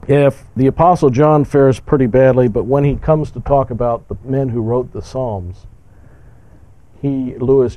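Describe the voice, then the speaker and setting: Emphatic preacher man, mellow voice. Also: medium pitch, poor audio. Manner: emphatic, rhetorical questions. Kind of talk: sermon.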